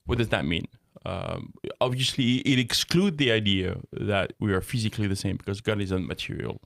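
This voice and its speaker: A man's voice: fairly low pitch, moderate pace, gravelly, no echo, clean studio sound. A man from France co-hosting a casual faith talk show, chatty and laughing often. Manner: laughs often, loses his thread, chatty. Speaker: co-host.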